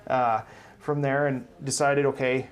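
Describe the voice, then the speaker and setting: A man's voice: medium pitch, flat delivery, a little slow, slight background noise. A man in his forties from South Dakota, a hospital CEO talking in a casual interview in an upbeat, humble way.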